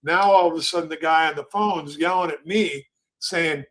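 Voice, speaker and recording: A man's voice: on the high side, normal speed, a bit bright. An older man hosting a trading show, telling loose, rambling stories and acting out the quotes of floor traders. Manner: rambling, acts out pit quotes. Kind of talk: casual storytelling.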